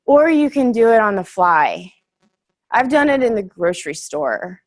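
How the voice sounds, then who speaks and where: A woman's voice: mid-range voice, sing-song, unhurried. A young woman giving a casual, earnest workshop talk to a group, chatty and full of fillers, laughing easily.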